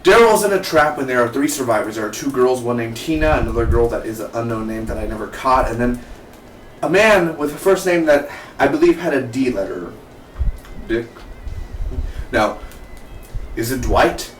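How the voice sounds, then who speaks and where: A man giving a casual, excitable TV review, rambling and asking his viewers questions, recorded in a roomy space from a distance. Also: mid-range voice, normal speed, long pauses, soft background music. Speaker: TV show reviewer. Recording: roomy, distant mic, faint noise.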